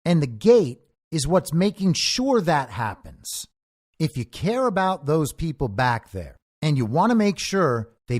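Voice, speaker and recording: Hombre de comentario político enfático, voz animada. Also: male voice, high voice, darkish tone. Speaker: political commentary host. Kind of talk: solo commentary monologue.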